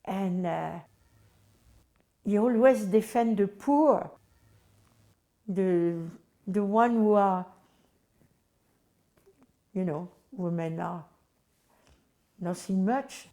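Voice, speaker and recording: Slow French-accented woman reminiscing. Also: medium pitch, mellow. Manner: halting, emphatic, searching for English words. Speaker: devotee recalling memories. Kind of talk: personal reminiscence.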